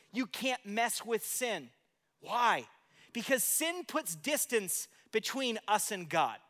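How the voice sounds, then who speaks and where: A man with a strikingly high voice preaches a sermon. He retells the story in a relaxed, conversational way and keeps asking his listeners rhetorical questions. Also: long reverb tail. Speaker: pastor.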